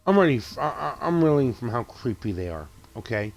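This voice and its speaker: A man casually recapping a horror movie, excitable and profane, with frequent restarts and quoted lines acted out. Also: mid-range voice, fairly quick. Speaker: movie reviewer.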